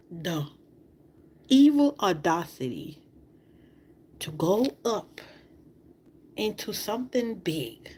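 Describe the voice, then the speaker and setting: A woman's voice: deep voice, a bit bright, slight background noise. A woman on a livestream, speaking in an impassioned, repetitive way and asking many rhetorical questions while fighting back tears. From outside the United States. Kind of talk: emotional livestream monologue.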